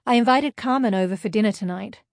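A woman's voice: on the high side, no room sound, studio quality, natural voice. A woman voicing a cheerful, busy middle-aged mother calling to her daughter. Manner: brisk, warm-calling, affectionate. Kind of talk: audiobook character voice.

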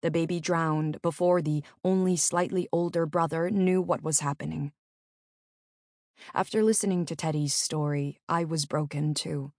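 A middle-aged woman narrating her own memoir in an earnest, measured storytelling manner. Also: deep voice, steady tone, darkish tone, no echo, studio quality.

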